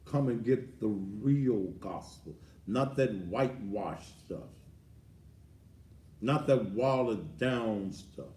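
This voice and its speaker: A man's voice: fairly low pitch, takes it slowly, mellow. A middle-aged man, a pastor giving a blunt, fiery sermon-style address with profanity. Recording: roomy echo, distant from the mic.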